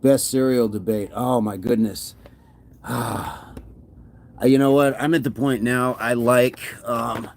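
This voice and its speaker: Mellow-voiced man chatting through a workout. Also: lowish voice, a little hiss or hum. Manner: reads viewer comments aloud and answers them warmly; encouraging and upbeat. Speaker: fitness livestream host. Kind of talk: casual live chat while working out.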